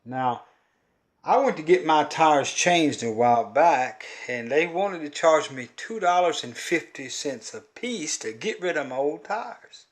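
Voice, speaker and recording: A man's voice: fairly high pitch, expressive, a little slow. An older man with a Southern drawl from Kentucky and Louisiana talks straight to camera. His storytelling is homespun and earnest, and he rambles from one thought to the next. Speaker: folk-art vlogger and collector. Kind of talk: rambling folksy monologue to camera.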